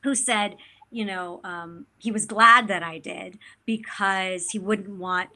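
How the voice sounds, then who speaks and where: A woman actor talking as an interview guest in a casual, animated way, with lots of fillers and restarts. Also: mid-range voice, slow. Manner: animated, chatty, many fillers.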